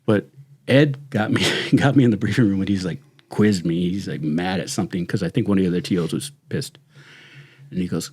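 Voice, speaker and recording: Husky animated man telling stories. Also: lowish voice, moderate pace. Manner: animated, laughing, swearing freely. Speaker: retired sheriff's deputy, guest. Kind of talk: casual storytelling chat.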